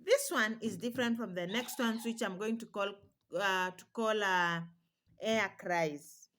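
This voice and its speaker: A woman's voice: mid-range voice, a little slow, a bit bright. A young woman vlogging casual advice to mothers, chatty and reassuring, now and then imitating baby cries. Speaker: parenting vlogger.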